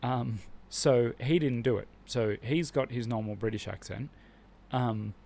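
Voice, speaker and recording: A man's voice: medium pitch, unhurried, creaky, darkish tone. A man hosting a live stream, talking casually and with strong opinions, rambling and restarting his sentences often.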